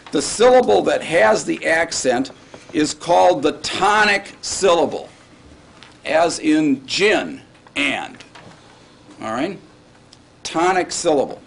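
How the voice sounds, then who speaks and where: Fairly high-voiced man teaching a class. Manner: casual, checks in often with "all right?" and "right?". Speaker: Hebrew grammar teacher. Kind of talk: classroom lecture. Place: classroom with students.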